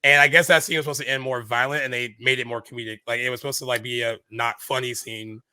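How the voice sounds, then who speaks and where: A man's voice: mid-range voice, quick pace, clean tone, no room sound. A man co-hosting a casual movie podcast, retelling scenes with lots of fillers and acted-out quotes. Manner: animated retelling, acts out lines in quoted voices. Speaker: podcast co-host.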